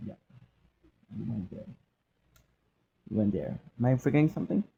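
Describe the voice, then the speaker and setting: Joking and rambling, a young man who vlogs on gaming and movies keeps interrupting himself and occasionally sings pieces of songs in a casual monologue. His mid-range voice swings widely in pitch at a moderate pace with vocal fry, captured in phone-quality sound with a little hiss or hum.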